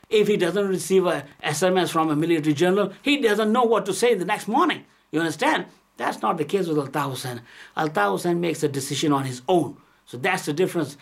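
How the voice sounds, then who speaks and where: A man's voice: a little high, expressive, a little fast. A man delivering an aggressive, scolding political rant, repeating his points. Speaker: political commentator.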